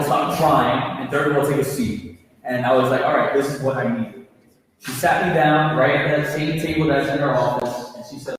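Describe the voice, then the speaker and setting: Young man, twenties, alumni speaker to students, casual storytelling, distant mic in a reverberant hall. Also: medium pitch. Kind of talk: motivational talk to students. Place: large echoey hall. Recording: echoey hall from far off.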